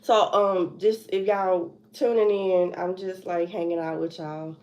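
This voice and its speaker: A woman's voice: fairly low pitch, little pitch movement, measured pace, a little mellow, highs cut off. A young woman hosting a casual livestream from home, anxious and rambling, sighing and laughing nervously as she talks. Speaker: trucking vlogger.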